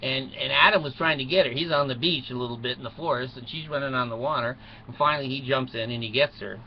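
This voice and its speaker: A man's voice: mid-range voice, fast. A man telling a mock bedtime story to children in a folksy, rambling way, full of chuckles and asides. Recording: muffled recording with faint noise.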